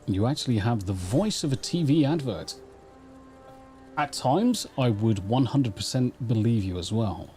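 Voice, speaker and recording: Mellow sweary English streamer. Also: male voice, medium pitch, lively intonation, measured pace, faint music behind. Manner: rambling, sweary and chatty. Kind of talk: casual live gameplay chat. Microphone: desk mic through a mixer.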